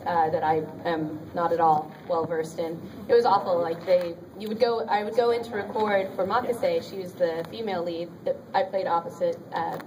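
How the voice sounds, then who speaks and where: A woman's voice: medium pitch, background noise. Bubbly woman on a distant panel mic. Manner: bubbly, chatty, laughs often, many "like"s. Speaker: voice actress on a convention panel. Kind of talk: animated anecdote telling to a live audience. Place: convention panel room.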